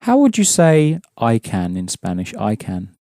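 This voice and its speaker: Low-ish guy teaching a language class, patient, lots of ups and downs in his voice, mellow tone. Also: huge pitch swings, a little slow, no room sound, studio quality. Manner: patient, explaining and prompting with questions. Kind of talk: language lesson.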